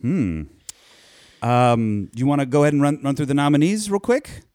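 A man's voice: mid-range voice, big pitch swings, normal speed, a little mellow. A man co-hosting a casual podcast quiz, hesitant and laughing often, with swearing. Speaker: podcast co-host, quiz contestant. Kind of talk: casual chat.

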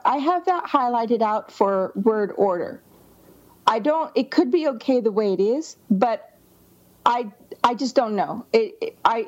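A woman's voice: on the high side, a little mellow, lo-fi sound. Woman editor walking through a manuscript. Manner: explanatory, reads passages aloud then comments. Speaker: book editor. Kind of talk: manuscript critique walkthrough.

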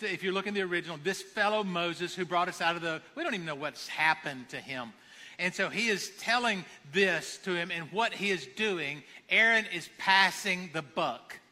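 Bright-voiced man preaching a conversational sermon. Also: high voice, big-room sound. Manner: conversational, acts out quotes.

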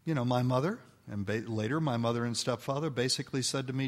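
An older man giving a folksy, animated talk to an audience of mothers, acting out the voices in his stories. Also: medium pitch, quick pace, hardly any pauses. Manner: folksy, animated storytelling, acts out quoted voices. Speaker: speaker addressing an audience of mothers. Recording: long hall reverb.

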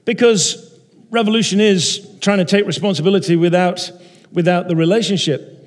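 A man preaching a sermon in a measured way, repeating key phrases for emphasis. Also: high-pitched, big-room sound.

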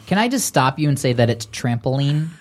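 A man's voice: medium pitch, very animated, a little fast, a little hiss or hum. A man hosting a podcast in casual chat, teasing his co-host with jokey interjections.

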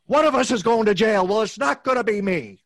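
A man doing a frazzled, shouting family man. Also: high voice, sing-song, a little fast, no echo, clean studio sound, heavily acted. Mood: furious. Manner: exasperated, snapping outbursts. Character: frazzled middle-aged family man, shouting and short-tempered.

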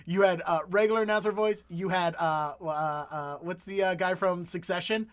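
High-voiced chatty male host. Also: fairly even intonation, normal speed, smooth. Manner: chatty, rambling with fillers. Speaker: podcast host. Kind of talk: casual comedic chat.

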